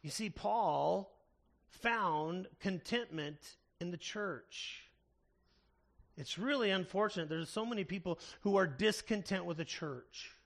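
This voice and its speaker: A man preaches a sermon with an earnest, steady delivery. His voice sits a little high for a man and carries a gravelly fry. He slows right down to lean on the words that matter. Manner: earnest preaching with slow emphatic stresses. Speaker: pastor.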